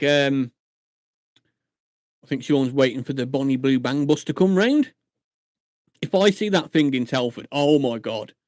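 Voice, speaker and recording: A man's voice: mid-range voice, a little mellow, no room sound, studio quality. A man from Shropshire, chatting casually on a live stream, swearing and laughing often. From England, Shropshire. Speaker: livestreamer.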